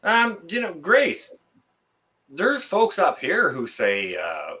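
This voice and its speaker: Bright-voiced joking man. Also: fairly high pitch, sing-song, slow. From Canada. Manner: joking, teasing banter. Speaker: channel host. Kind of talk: casual live-stream chat.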